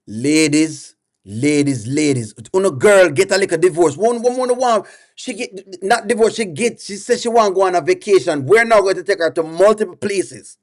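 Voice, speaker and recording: A man's voice: sits high, brisk, hardly any pauses. A man reacting on a live stream, exasperated and pleading with his chat, repeating himself over and over.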